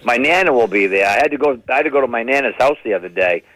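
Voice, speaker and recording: A man's voice: medium pitch, very fast, no room sound, poor audio. A middle-aged man doing stand-up comedy, telling family stories and slipping into impressions of his relatives. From New England. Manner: animated, slips into impressions of relatives.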